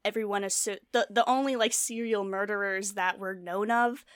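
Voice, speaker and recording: A woman's voice: medium pitch, fairly even intonation, moderate pace, fairly bright tone, clean tone, dry recording, studio quality. A woman co-hosting a casual true-crime chat, telling the story with many fillers and asides. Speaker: podcast co-host.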